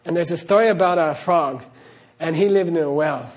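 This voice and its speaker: This man's voice sits on the high side, and he talks at a moderate pace. He's a spiritual teacher addressing an audience earnestly, repeatedly asking "okay?" and breaking into laughter as he tells his stories.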